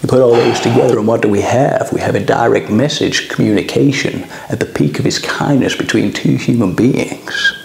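A man impersonating a grandiose, wordy celebrity who lectures in a fast, rambling way. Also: medium pitch, gravelly, reverberant, natural voice. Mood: lecturing.

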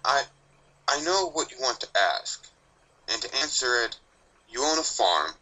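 A man's voice: medium pitch, sing-song, measured pace, bright, forceful tone, pitched above the performer's own voice, heavily acted, rough recording. A man voicing a grumpy, ancient male Grim Reaper pony, speaking bluntly with dry sarcasm in a fan story reading. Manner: blunt, snappish, dryly sardonic.

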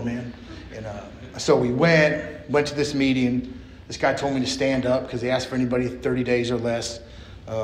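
A man's voice: mid-range voice, a little hiss or hum. A young man speaking at a recovery meeting, telling his story in a casual, streetwise way, full of "man" and "you know.". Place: meeting hall. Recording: echoey meeting room with faint ambience.

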